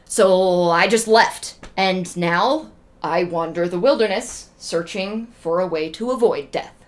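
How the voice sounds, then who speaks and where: A woman voicing a furious, grief-stricken legendary king, with loud shouted threats and a mournful lament. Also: fairly low pitch, slow pace. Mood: grieving. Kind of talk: casual storytelling with acted quotes.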